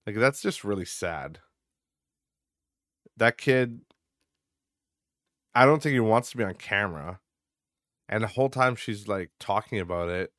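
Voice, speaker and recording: Swearing, ranting man, low voice. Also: animated, unhurried, long pauses, a bit bright, no echo, studio quality. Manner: ranting, frequent swearing and filler words. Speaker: podcast host. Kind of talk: casual solo podcast talk. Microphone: close podcast mic.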